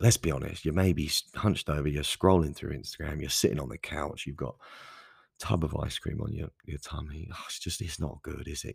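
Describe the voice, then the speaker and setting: This podcast host's low voice is gravelly and husky, with a slightly mellow quality. He delivers a candid, conversational solo monologue full of restarts and asides, recorded at studio quality with no echo.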